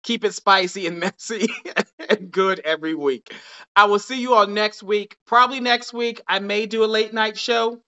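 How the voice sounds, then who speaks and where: High, bright-voiced gay dating coach. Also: male voice, normal speed, clean tone, dull audio. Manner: chatty and upbeat, with frequent restarts. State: losing his voice. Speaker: dating coach hosting a live show. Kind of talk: casual live-stream chat.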